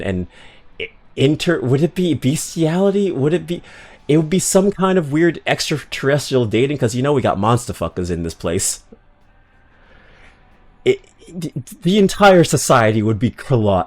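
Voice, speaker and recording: A man's voice: mid-range voice, darkish tone. A man streaming a game, rambling through casual, slangy commentary with swearing and self-mocking asides.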